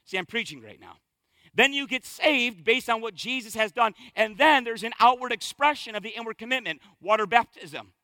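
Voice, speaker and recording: A man preaching a sermon as pastor, with energetic, emphatic delivery and punchy repetition. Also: very high-pitched, normal speed, hardly any pauses, no room sound.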